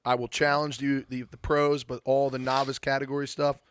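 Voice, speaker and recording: A man's voice: medium pitch, level tone, normal speed, slight background noise. A man talking as a podcast guest in casual chat, telling stories in a rambling way, full of "like" and restarts. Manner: rambling storyteller, lots of "like", blunt. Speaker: strongman coach and guest.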